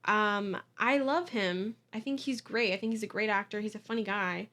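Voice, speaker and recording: A woman's voice: mid-range voice, moderate pace, fairly bright tone. A young woman hosting a casual solo podcast, giggly and self-deprecating, apologizing and laughing at herself as she talks. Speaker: podcast host. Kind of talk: casual confessional monologue.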